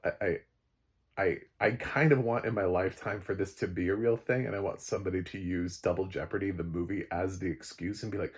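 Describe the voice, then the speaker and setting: A man's voice: deep voice, steady tone, fairly quick, husky. A man reviewing a film in a casual, rambling, joking way, full of fillers and the odd swear word. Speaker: movie reviewer.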